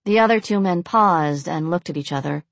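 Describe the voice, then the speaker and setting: Give me a woman narrating a dark story in a steady, even way. Her voice sits fairly low, and the recording is dry and close, with no room sound around it. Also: normal speed, creaky, no room sound.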